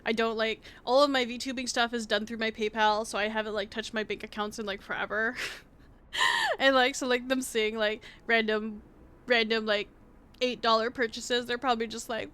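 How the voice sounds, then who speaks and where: A young woman streaming live, chatting casually and excitably to her chat, rambling and laughing at herself. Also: fairly high pitch, moderate pace, clean tone. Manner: excitable, rambling, self-deprecating, laughs often. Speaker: VTuber streamer.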